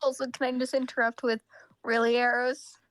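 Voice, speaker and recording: A woman's voice: high-pitched, flat delivery, normal speed, fairly bright tone, dry recording. A woman player chatting in an amused way during a tabletop game. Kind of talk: casual chat.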